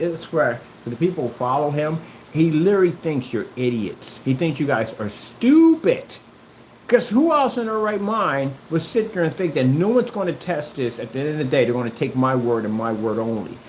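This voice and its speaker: A man's voice: fairly high pitch, a little mellow, roomy sound, slight background noise, poor audio. A man ranting in a callout video, combative and mocking, who keeps repeating himself. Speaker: YouTuber.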